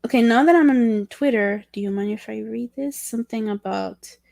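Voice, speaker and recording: A woman's voice: fairly high pitch, moderate pace, vocal fry, dark tone, dry recording. A woman whose first language is Spanish, chatting casually on a livestream in a rambling, curious and apologetic way.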